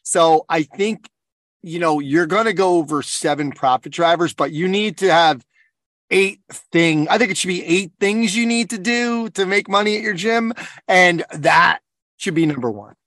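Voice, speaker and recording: A man's voice: sits high, normal speed, fairly bright tone, no room sound, studio quality. A man hosting a podcast interview, chatting casually and laughing along. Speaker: podcast host.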